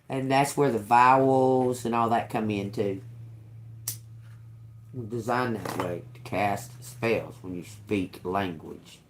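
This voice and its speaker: Unhurried gravelly woman, tarot reader rambling to her viewers, salty and laughing. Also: a bass voice. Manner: profane, laughing, rambling with restarts. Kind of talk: casual spiritual talk to viewers.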